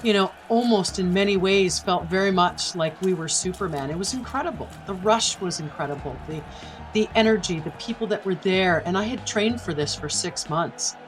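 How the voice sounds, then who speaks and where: A woman in her forties, a guest on a podcast, speaks at normal speed in a lowish voice on a rough recording. She earnestly and emotionally recounts a personal story, acting out the dialogue as she quotes it.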